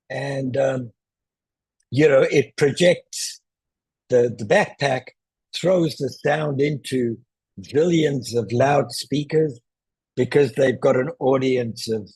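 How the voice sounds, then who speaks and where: A man coaching viewers on online presentations in a casual tutorial, talking loudly on purpose and often checking in with "right?", from a small one-room apartment. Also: mid-range voice, breathy edge, no echo, poor audio.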